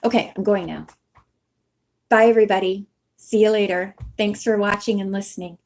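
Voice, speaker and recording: A woman with a mid-range, darkish voice talks at a normal speed with a steady tone. She hosts a channel where she reads books aloud, chatting and rambling casually to viewers and laughing at herself. She's a young adult or older, having owned a bookmark since the nineties.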